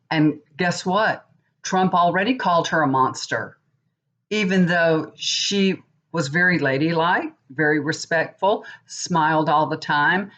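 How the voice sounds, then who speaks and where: A woman's voice: low voice, fairly bright tone. A woman in her fifties, a tarot reader and psychic, rambling in casual chat to camera and getting worked up as she talks. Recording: dull lo-fi recording.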